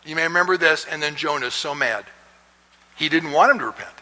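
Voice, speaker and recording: Male Bible teacher, chatty and laughing, bright tone, echoey hall. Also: fairly high pitch, brisk. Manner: chatty, chuckling, frequent restarts. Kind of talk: casual lecture with storytelling.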